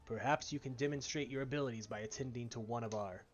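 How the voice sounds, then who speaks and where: A man voicing a skeptical guard captain in a game, speaking in a stern, curt, measured way in a dull lo-fi recording. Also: medium pitch, slight background noise, close to an everyday voice. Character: gruff skeptical male guard captain, blunt. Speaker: streamer reading game dialogue.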